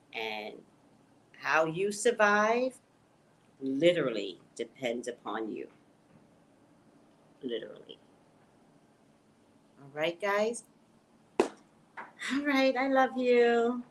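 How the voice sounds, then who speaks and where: A woman's voice: low voice, fairly bright tone, a little hiss or hum. A middle-aged woman, a psychic reader, chatting casually with her live-stream viewers, exclaiming and laughing often.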